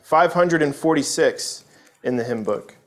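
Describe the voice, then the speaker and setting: Male preacher, slightly high voice, earnest and conversational, restarts often. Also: expressive, unhurried. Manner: earnest, conversational, frequent restarts and tag questions. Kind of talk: sermon.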